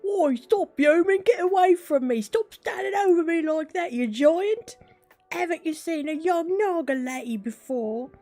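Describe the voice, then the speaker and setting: A woman's voice: extremely high pitch, animated, unhurried, soft background music, voice pushed up, heavily acted. Bossy young Naga lady. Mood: defiant. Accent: attempted English Midlands. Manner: shouty, defensive, blustering. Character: young haughty snake-woman Naga, prickly and bossy. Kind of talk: character voice practice.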